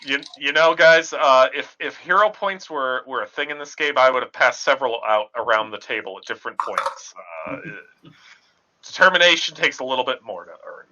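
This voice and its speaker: A man acting as game master, talking in a halting way with many fillers. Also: medium pitch, expressive, pushed and bright. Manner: halting, filler-heavy narration. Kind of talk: running a tabletop game over a call. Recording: dull lo-fi audio.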